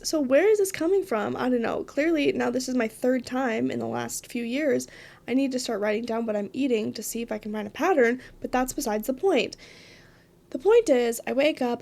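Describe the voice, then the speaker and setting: A woman hosting her own podcast, telling a story with dramatic flair and quick asides. Her voice sits high, with a gravelly fry at the ends of phrases. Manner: animated, dramatic retelling with frequent laughs and asides. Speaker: podcast host.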